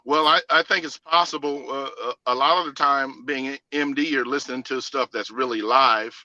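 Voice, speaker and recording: A man with a Southern US accent, a singer and producer, telling stories in a casual interview with lively laughs and many restarts. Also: medium pitch, normal speed, no room sound, highs cut off.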